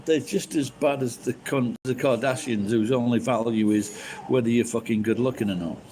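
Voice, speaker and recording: A drunk man rambling on a live stream, swearing freely and restarting his sentences. His voice sits at an ordinary middle pitch. A faint background hiss runs under it. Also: fairly even intonation, moderate pace, warm tone, low-quality recording. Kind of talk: rambling casual chat.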